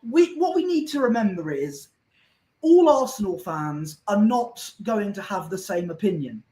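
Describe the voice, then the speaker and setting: Bloke on a fan panel rambling earnestly, lots of restarts, roomy echoey sound. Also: male voice, high-pitched, big pitch swings, a little slow, dark tone. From Somerset. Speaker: podcast panel guest. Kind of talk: casual chat.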